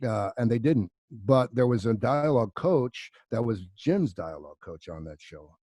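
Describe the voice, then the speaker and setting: A middle-aged actor guest telling profane, animated anecdotes in a casual podcast chat, slipping into quoted voices. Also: male voice, medium pitch, moderate pace, no room sound.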